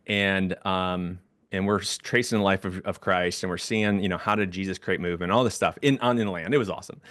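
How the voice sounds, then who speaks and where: A man in ministry leadership telling a story in casual conversation, animated and full of fillers and restarts. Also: low voice, fairly quick, no room sound, studio quality.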